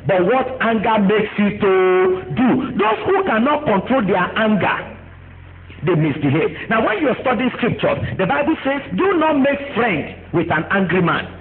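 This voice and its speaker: A man with a Nigerian accent preaching a sermon as pastor, animated and acting out the voices he quotes. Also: high-pitched, phone-quality sound, a little hiss or hum. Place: church.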